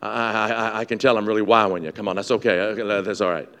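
A male pastor preaching a sermon, building to shouted, repeated emphasis and often stammering over his restarts. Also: lowish voice, little pitch movement, fast, clean tone.

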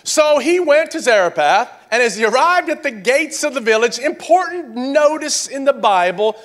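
A pastor in full sermon, his voice sitting high for a man. He builds to loud, animated peaks, then drops to quiet, tender pleading. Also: normal speed. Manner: animated, swings from shouting to hushed.

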